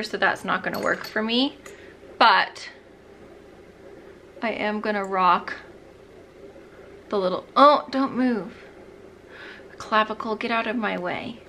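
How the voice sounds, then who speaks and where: A bubbly young woman chats casually while getting ready at home, rambling and thinking out loud. Her voice is bright and forward, with a faint room hum behind her. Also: medium pitch. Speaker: beauty vlogger. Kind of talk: chatty get-ready-with-me vlog.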